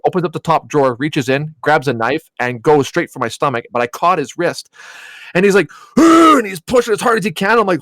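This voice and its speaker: A man co-hosting a podcast, telling a story in a casual, animated way. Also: fairly high pitch, no echo. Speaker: podcast co-host.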